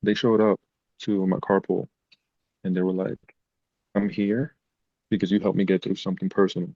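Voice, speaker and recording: A man's voice: low-pitched, moderate pace, dry recording, lo-fi sound. A man, a podcast guest, telling personal stories in a casual, emotional way. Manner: emotional, animated retelling. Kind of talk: casual storytelling.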